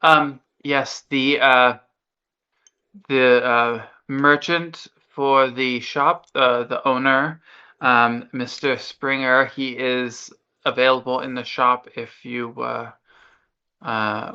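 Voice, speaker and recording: A man narrating a tabletop game as game master, casual and unhurried with many fillers. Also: medium pitch, flat delivery, pushed and bright, clear, resonant tone, highs cut off.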